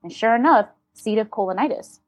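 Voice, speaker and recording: A woman's voice: on the high side, animated, brisk, no room sound. A woman talking as an interview guest, telling a personal story candidly and bluntly, with swearing and re-enacted dialogue.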